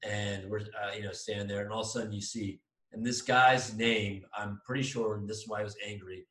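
A man's voice: on the low side, fairly even intonation, brisk. A young man hosting a podcast, telling a rambling, profane school story in casual chat. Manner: profane, rambling, acts out quotes loudly. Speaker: podcast host. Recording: echoey room.

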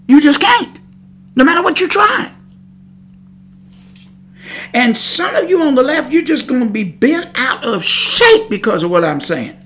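A woman's voice: high voice, sing-song, unhurried, pauses often, fairly bright tone. A woman preaching on a podcast, emphatic and scolding, repeating her points. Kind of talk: preaching monologue.

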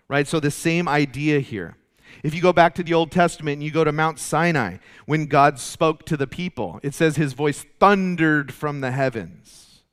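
A man's voice: mid-range voice, smooth. A man preaching a sermon with emphatic delivery, often repeating words as he builds a point. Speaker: pastor.

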